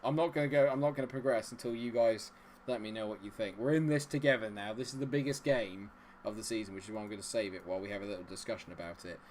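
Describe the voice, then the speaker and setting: A young adult man hosting a live gameplay stream, chatting with viewers and cheering loudly at the game. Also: lowish voice, quick pace, a little hiss or hum. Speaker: gaming livestream host. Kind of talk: live gameplay commentary and chat reading.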